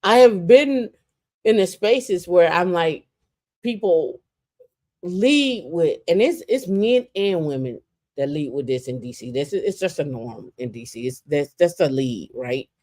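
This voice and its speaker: A woman co-hosting a casual podcast, with a fairly low voice. She tells her stories with animated energy and often restarts her sentences. Her delivery is loose and conversational. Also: unhurried. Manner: animated storyteller, swinging into lively voices for quotes; frequent "like" and repeated restarts. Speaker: podcast co-host.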